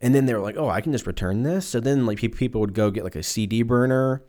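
Fast-talking and warm in tone, this mid-range voice belongs to a man in his twenties hosting a solo podcast. He rambles, swears freely and slides into silly exaggerated voices while recording at home, in a room with the windows open.

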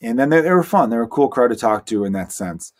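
A man who is a stand-up comedian, hosting his own solo podcast and telling stories in a rambling, animated way with quick asides. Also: medium pitch. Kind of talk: casual solo podcast monologue.

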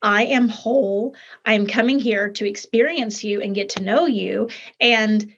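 A woman's voice: medium pitch, measured pace, muffled recording, slight background noise. A woman hosting a podcast, talking earnestly and emphatically in casual conversation over a video call. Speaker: podcast host.

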